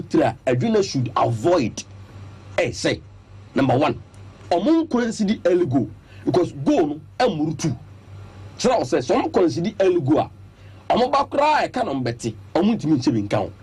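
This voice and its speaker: A man's voice: a little high, breathy edge. A man with a Ghanaian accent giving emphatic sports analysis on a radio show, laying out his points one by one. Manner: animated, emphatic, lists points. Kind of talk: radio sports talk, Twi-English mix. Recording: radio studio broadcast.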